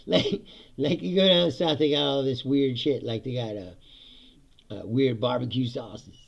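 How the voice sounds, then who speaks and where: A man's voice: medium pitch, a little slow, creaky. A man hosting a casual, profane monologue, laughing often and mocking others in silly voices. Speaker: host.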